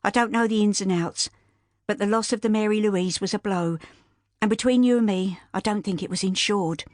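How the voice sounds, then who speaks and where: A woman voicing a practical older family friend who speaks briskly, sternly and with plain comfort. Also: mid-range voice, no room sound, clean studio sound, pitched above the performer's own voice, close to an everyday voice. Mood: firm.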